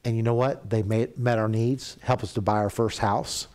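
A middle-aged man preaching a sermon in a church, telling stories and acting out quoted voices, at times dropping to a soft, confessional tone. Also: on the low side, fairly even intonation, moderate pace.

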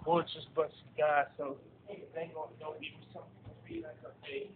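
A man ranting and swearing as he films himself outdoors and in a fast-food place. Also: on the high side, little pitch movement. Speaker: vlogger. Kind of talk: angry street vlog. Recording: tinny phone-like audio with faint hiss.

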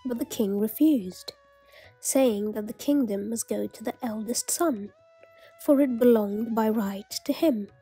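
A woman narrating a storybook tale, reading aloud slowly and gently. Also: a little high, breathy edge, faint music behind. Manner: slow, gentle read-aloud.

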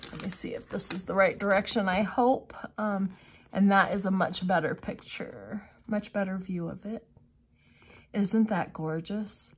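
A woman's voice: medium pitch, steady tone, unhurried, slightly rough. A woman craft vlogger giving casual unboxing commentary, gushing with exclamations and chatty asides to her viewers.

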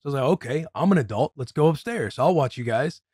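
A man's voice: medium pitch, expressive, darkish tone, breathy edge, dry recording, studio quality. A man co-hosting a podcast, telling a story in easygoing casual chat. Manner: easygoing storyteller, quick agreeing interjections. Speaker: podcast co-host.

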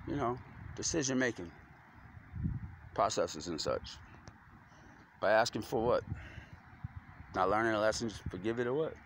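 Man, gravelly, slangy rambler with cursing, recorded outdoors over loud traffic noise. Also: medium pitch. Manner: loose, slangy, stream-of-consciousness talk with cursing. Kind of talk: rambling monologue to camera. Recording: loud street noise with passing vehicles.

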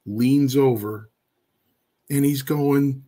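A man telling stories from his wrestling career in an interview, animated and blunt, with salty language. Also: medium pitch, normal speed. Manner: animated, acts out the people in his story. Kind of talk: casual anecdotal storytelling.

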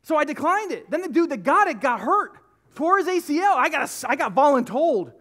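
A man's voice: very high voice, sing-song, brisk, a bit bright. A man preaching a sermon as pastor, telling personal stories in a conversational, emphatic way with lots of repetition. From United States. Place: church sanctuary.

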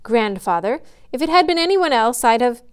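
A woman's voice: a little high, very animated, moderate pace, smooth. A woman reading as a sulky, hot-tempered young man. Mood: indignant. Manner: indignant, defiant.

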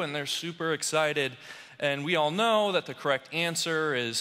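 A young man preaching a sermon in a church, slow and dramatic, crying out the voices of a desperate crowd. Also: on the high side, pushed and bright. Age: young adult. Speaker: pastoral resident. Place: church sanctuary. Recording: long church reverb.

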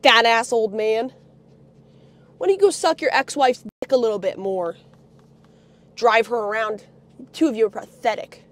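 A woman's voice: a little high, moderate pace, pauses often. A young woman livestreamer ranting bitterly, full of profanity and heated outbursts. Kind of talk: livestream rant.

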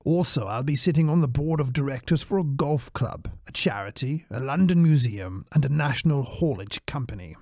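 Stiff posh colonel, clipped and formal, read by a man. Lively pitch. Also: moderate pace, few pauses, dry recording, clean studio sound.

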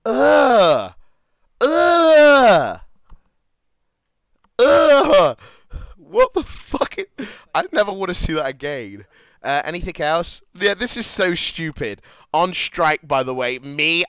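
A young man with a British accent, streaming and reacting to posts in crude, casual chat, laughing loudly and muttering as he reads. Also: on the high side, clear, resonant tone, no room sound.

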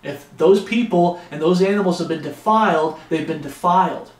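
A man's voice: high-pitched, normal speed. A man preaching an expository Bible sermon with passion, often raising his voice. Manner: impassioned, raises his voice. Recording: echoey room.

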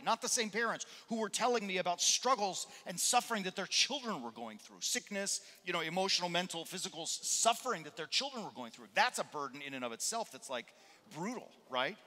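A man preaching as a pastor in a church, his slightly high, bright and forceful voice carrying a long hall reverb. He tells his story in a lively, conversational way, the way a preacher speaks from the pulpit. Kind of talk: sermon with a humorous personal story.

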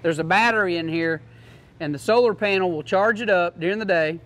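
A man's voice: high voice, fairly quick, fairly bright tone. A man giving a casual, joking product demo to a class, in a folksy manner. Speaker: product demonstrator.

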